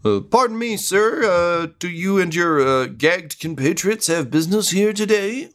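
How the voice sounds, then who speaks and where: A man's voice: high-pitched, lively intonation, measured pace, a bit bright, pitched above the performer's own voice, heavily acted. A man voicing a polite, stammering small-town gate guard.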